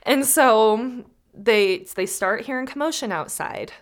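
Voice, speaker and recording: Podcast lady with a highish voice, super animated storyteller, does all the voices, swears a lot. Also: slow pace. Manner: animated, acts out characters and knocks, swears freely. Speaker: podcast host. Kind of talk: casual storytelling chat.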